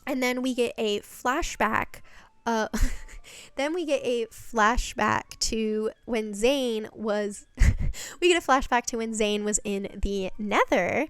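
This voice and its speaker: A woman's voice: a little high, slow pace, clear, resonant tone, no echo. A woman chatting casually as she recaps a series, rambling with fillers and the odd swear. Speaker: channel host recapping a series.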